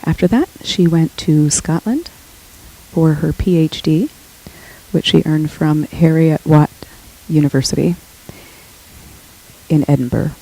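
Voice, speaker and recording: Gravelly man introducing a speaker. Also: on the high side, unhurried, warm tone, rough recording. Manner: formal, reads a prepared introduction. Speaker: lecture series host.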